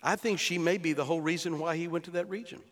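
This male pastor preaches an expository sermon, explaining scripture in an earnest teaching tone that climbs to emphatic peaks. His voice is on the high side, fast and fairly bright, and the recording carries the long reverb of a large hall.

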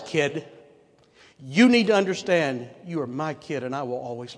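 A man's voice: fairly high pitch, fast talker. An older man preaching a sermon, earnest and full of rhetorical questions to his listeners. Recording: long hall reverb.

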